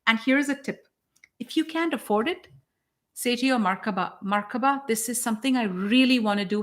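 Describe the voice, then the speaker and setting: A woman's voice: fairly high pitch, a bit bright. A woman hosting a live spiritual broadcast, talking in an enthusiastic, emphatic, preachy way. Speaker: spiritual channel host.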